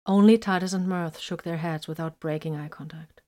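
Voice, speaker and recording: A woman narrating a fan fiction story in a measured, softly dramatic way. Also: low-pitched, level tone.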